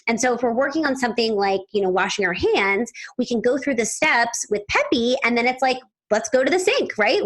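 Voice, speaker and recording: A woman hosting a podcast interview, upbeat and chatty, quick to laugh. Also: mid-range voice. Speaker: podcast host.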